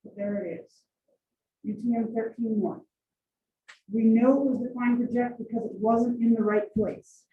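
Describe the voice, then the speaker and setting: A woman's voice: a little high, steady tone. Teasing woman teaching in an echoey room. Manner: brisk, teasing, coaxing students. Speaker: college GIS instructor. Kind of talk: classroom lecture with questions. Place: classroom. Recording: distant echoey classroom on tinny mic.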